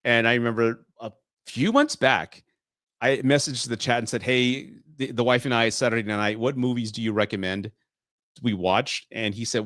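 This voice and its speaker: A man's voice: mid-range voice, brisk, a bit bright, no echo, studio quality. A man in his late forties from Texas, hosting a casual live stream Q&A, swearing freely and laughing often. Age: 40s. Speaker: host.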